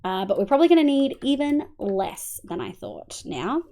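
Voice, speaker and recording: An Australian woman streaming a game, chatting casually with viewers, swearing and thanking them by name, sometimes mumbling quietly and sometimes bursting out loud. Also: sits high, sing-song, moderate pace. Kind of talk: casual live-stream chat while gaming.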